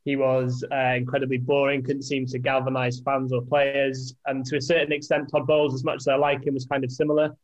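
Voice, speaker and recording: Guy on a sports podcast, really flat monotone, rambles a bit. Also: mid-range voice, brisk, hardly any pauses, highs cut off. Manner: flat-toned, rambling, self-deprecating. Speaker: podcast co-host, editor. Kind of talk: casual sports podcast chat.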